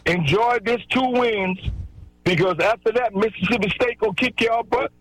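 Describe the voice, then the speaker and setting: A man's voice: high-pitched, normal speed, dry recording, soft background music, low-quality recording. A man calling in to a sports radio show, trash-talking the host in loose, brash banter. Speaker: regular caller. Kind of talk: phone-in banter.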